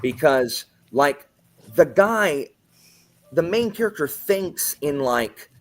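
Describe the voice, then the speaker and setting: A man's voice: a little high, lively intonation, slow. A man in casual book-club chat, ranting with sarcasm and putting on mock quotes. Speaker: book club podcast host.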